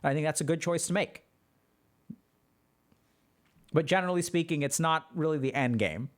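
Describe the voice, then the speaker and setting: A man's voice: on the high side, fast. A man on a livestream, answering chat questions in a loose, chatty way full of fillers. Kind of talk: casual livestream talk.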